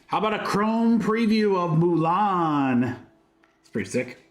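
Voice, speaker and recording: A man's voice: high voice, big pitch swings, measured pace, roomy sound. A man hosting a trading card break, rattling off card names with chatty asides to his viewers. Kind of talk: casual livestream commentary while opening packs.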